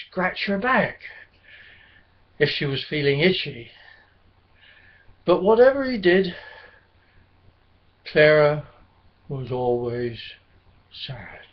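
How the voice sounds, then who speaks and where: A man narrating a children's story in a gentle, unhurried manner. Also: on the high side. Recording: dull lo-fi recording.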